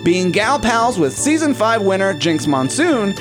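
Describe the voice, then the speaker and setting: High-voiced campy man hosting, music behind. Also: very animated, unhurried. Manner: campy and teasing, breaks into song. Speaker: podcast co-host. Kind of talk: playful talk-show chat.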